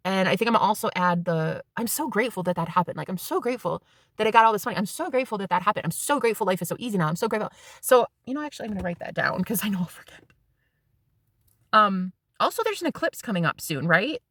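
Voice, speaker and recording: A woman's voice: mid-range voice, lively intonation, quick pace, a bit bright, no room sound, studio quality. A woman in her thirties telling a rambling, casual story to her vlog viewers and swearing freely. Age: 30s. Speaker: spiritual vlogger.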